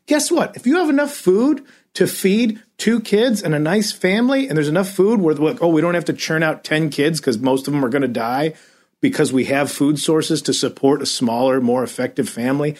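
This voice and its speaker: A man's voice: fairly high pitch, moderate pace, a little mellow. A man on a podcast, a comedian ranting and swearing in exasperated casual chat. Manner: self-described comedian. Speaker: podcast co-host.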